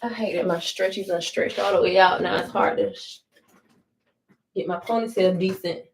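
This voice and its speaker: A woman's voice: lowish voice, fairly even intonation, normal speed, creaky, noisy background. A young adult woman telling a blunt, profane storytime while doing her hair. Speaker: vlogger.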